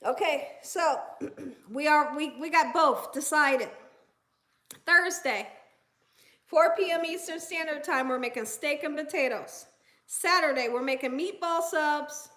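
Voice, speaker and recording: A woman's voice: high voice, measured pace, sharp tone. A woman with a Southern American accent hosting a casual cooking livestream, chatting with viewers and cooing to her dogs. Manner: chatty, reads viewer comments aloud, coos to her dogs. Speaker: cooking channel host.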